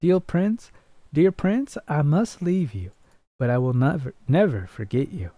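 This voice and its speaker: A man's voice: fairly high pitch, big pitch swings, unhurried, dark tone, no echo, pitched above the performer's own voice. A man doing a tender little swallow. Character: small loyal male swallow, tender and pleading.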